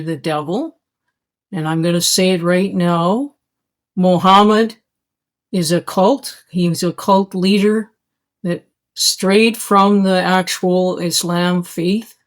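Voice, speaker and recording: A woman speaks in a slow, deliberate way, pressing every point with urgency. Her monologue is emphatic and addressed straight to her listeners, as if pleading with them to act. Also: fairly low pitch. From Canada. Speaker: podcast host. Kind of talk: impassioned monologue.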